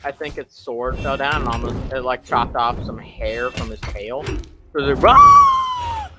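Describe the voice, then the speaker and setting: A man casually recaps a film, rambling along with lots of "like"s and self-corrections at a middling pitch. The recording carries a constant noisy hiss underneath his voice. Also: fairly even intonation, normal speed. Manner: rambling, many "like"s and restarts. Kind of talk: casual rambling movie retelling.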